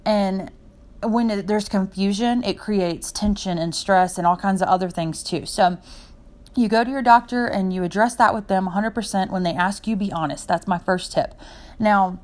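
This podcast host, a young adult woman, talks off the cuff in a personal monologue, heartfelt and rambling, hopping from point to point. Her mid-range voice has a darkish tone and a moderate pace.

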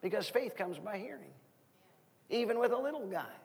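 A man in his thirties preaching a sermon as guest minister, asking the congregation questions in an animated way. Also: high voice, moderate pace, gravelly, breathy edge, long reverb tail. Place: church sanctuary.

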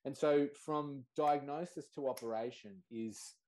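A man's voice: medium pitch, measured pace, a little mellow. Man, Australian accent, podcast guest, candid storyteller, laughs easily, casual chat. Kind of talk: casual conversation.

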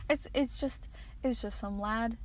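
A woman's voice: on the high side, a little slow, slight background noise, low-quality recording. Candid, swearing young American woman podcaster. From United States. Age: late teens. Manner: candid, swearing, rambling with restarts. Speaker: podcast host. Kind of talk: solo podcast monologue. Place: inside a parked car.

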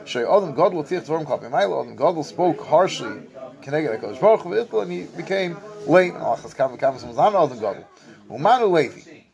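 A man with a fairly high voice leads a Talmud lesson. He chants the Aramaic text in a study-hall lilt, then explains it plainly, often restarting his phrases. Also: sing-song, fast talker, gravelly, darkish tone. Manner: reads Aramaic text then translates in a sing-song study cadence. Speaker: Talmud teacher.

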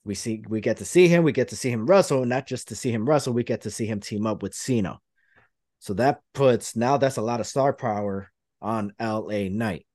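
A man's voice: on the low side, normal speed, dark tone, dry recording, studio quality. A man hosting a podcast, rambling through a play-by-play retelling in casual chat. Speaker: podcast host.

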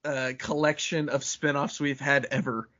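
A man co-hosting a casual movie commentary podcast, piling on jokes excitedly and swearing. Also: mid-range voice, normal speed, highs cut off. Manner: excitable, profane. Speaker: podcast co-host.

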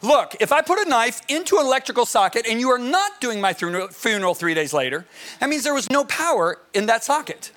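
A middle-aged man preaching a sermon as pastor, emphatic and animated, often asking his listeners questions. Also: very high voice, fast talker.

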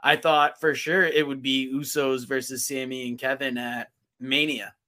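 Bright-toned man musing on wrestling matches. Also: mid-range voice, little pitch movement, moderate pace. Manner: speculative, thinking aloud about matchups. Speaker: wrestling show co-host. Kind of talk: casual discussion.

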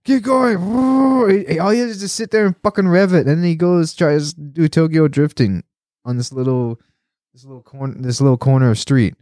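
A man's voice: fairly high pitch, fairly quick, dark tone, no echo, clean studio sound. A man hosting a casual podcast chat, rambling and swearing a lot, laughing often and getting worked up when he complains. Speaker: podcast host.

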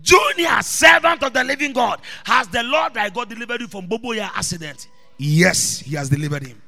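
A man preaching a sermon as an apostle, shifting between quiet asides and shouted proclamations. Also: extremely high pitch, lively intonation, moderate pace, vocal fry. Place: church hall. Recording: reverberant church hall with music behind.

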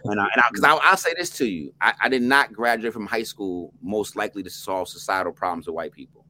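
A middle-aged man from New Jersey, a podcast guest telling a story in an animated, emphatic way with restarts. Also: lowish voice, fast.

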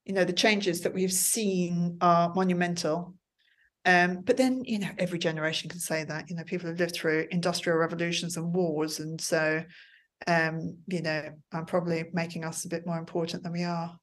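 A woman's voice: fairly low pitch, steady tone, moderate pace. A woman, a former TV producer, chatting as an interview guest and telling stories with acted-out quotes. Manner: chatty storyteller, acts out quotes. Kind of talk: conversational interview.

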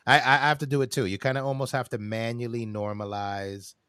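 A man's voice: medium pitch, steady tone, a little fast, bright, forceful tone, clear, resonant tone, no room sound. A male podcast host in a studio chats casually and interjects playfully. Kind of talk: casual chat.

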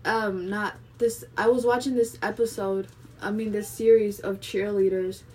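A woman's voice: mid-range voice, steady tone, normal speed, a little mellow. Chatty young woman rambling with fillers. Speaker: vlogger. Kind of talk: casual monologue vlog. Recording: voice a bit distant from the mic.

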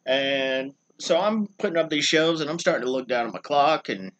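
A man's voice: on the high side, expressive, normal speed, fairly bright tone, muffled recording. A young man, co-hosting a podcast and telling a long, rambling work story with wrestling slang. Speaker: podcast co-host. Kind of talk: casual storytelling chat.

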